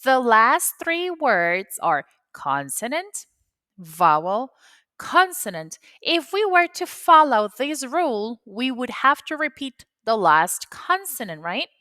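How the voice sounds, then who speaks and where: A woman's voice: fairly high pitch, big pitch swings, takes it slowly, bright, forceful tone, no echo. A woman whose first language is Spanish, patiently explaining an English grammar rule step by step, repeating key points. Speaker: English teacher. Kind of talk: grammar lesson.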